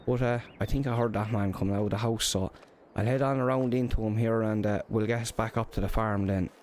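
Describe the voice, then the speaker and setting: A man's voice: fairly low pitch, fairly even intonation, fairly quick, a little mellow, slight background noise. A man with an Irish accent narrating a farming roleplay in a chatty storytelling way, full of local slang. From Ireland. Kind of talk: casual in-character roleplay narration.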